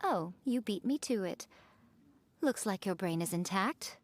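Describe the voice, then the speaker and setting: A sly teasing shrine mistress. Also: female voice, medium pitch, expressive, a little slow. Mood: amused. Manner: smooth, amused, teasing. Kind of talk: game voice acting.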